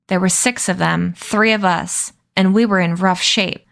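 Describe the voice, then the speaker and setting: A woman streamer reading a novel aloud with expressive, clear narration. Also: fairly low pitch, measured pace.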